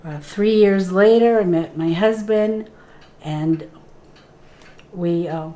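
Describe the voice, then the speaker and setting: A woman's voice: on the low side, warm tone. A middle-aged woman, a spiritual guide, telling her own story earnestly in a conversation and acting out the dialogue as she goes. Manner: slow, earnest telling that replays dialogue in the moment. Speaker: spiritual guide and interview guest.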